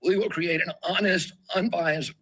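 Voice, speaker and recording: A man's voice: high-pitched, steady tone, unhurried, pushed and bright, husky, low-quality recording. A man giving a formal, earnest prepared statement as a nominee at a hearing.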